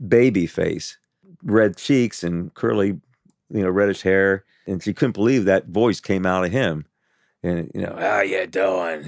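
A man in his seventies telling his life story in an interview, halting and full of restarts and "you know" fillers. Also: low-pitched, vocal fry, a little mellow. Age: 70s.

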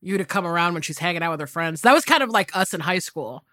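Lively, bright-voiced woman co-host. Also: on the low side, quick pace, no room sound. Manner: animated, swearing, emphatic. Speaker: podcast co-host. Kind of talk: casual chat.

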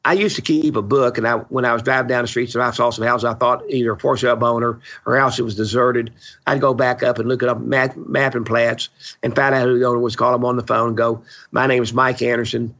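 This man in his seventies is a real estate investor telling stories as a podcast guest in interview chat, being blunt, opinionated and salty. He speaks quickly at medium pitch, fairly evenly and a bit bright, on a dull lo-fi recording.

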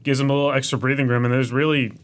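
A man's voice: mid-range voice, level tone, rapid-fire, slight background noise. Easygoing man breaking down basketball trades. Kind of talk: casual sports podcast chat.

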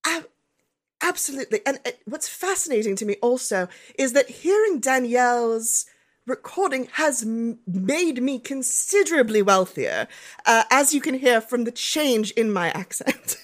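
A woman's voice: fairly high pitch, lively intonation, normal speed. A woman co-hosting a comedy chat, joking playfully in mock-posh British phrasing. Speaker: podcast co-host.

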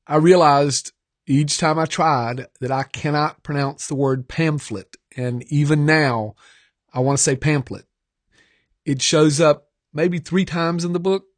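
A man's voice: fairly high pitch, fairly even intonation, measured pace, no echo. Man, author, dry studio. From Georgia, US South. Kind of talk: recorded author talk. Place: recording studio.

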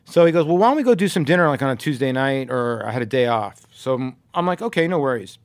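On his podcast, a co-host who used to play baseball spins a long, casual tale, acting out the people he quotes with plenty of ums. He has a mid-range voice, talks fast and lively, and there's no echo.

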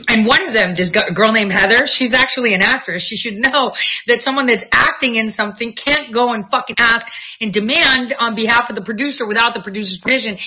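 A woman's voice: medium pitch, husky, dull audio. A woman chatting casually to her viewers, rambling and jumping from topic to topic. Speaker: vlogger. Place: at home, near a bedroom studio.

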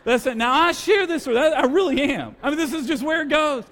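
Man, pastor, sermon, storytelling, emphatic, high voice, long church reverb. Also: lively intonation, brisk, a little hiss or hum. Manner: storytelling, emphatic, swings between loud and quiet. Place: church sanctuary.

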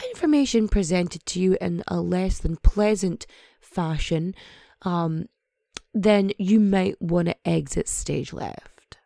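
Hoarse, husky woman podcast host. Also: medium pitch, warm tone, dry recording, studio quality. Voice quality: nasal and husky. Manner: swears freely, rambling and jokey. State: hoarse, voice partly gone. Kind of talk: casual, irreverent podcast chat.

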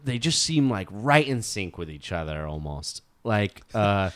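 Lively, laughing man chatting. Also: unhurried. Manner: laughs often, lively pitch. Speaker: podcast co-host. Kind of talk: casual chat.

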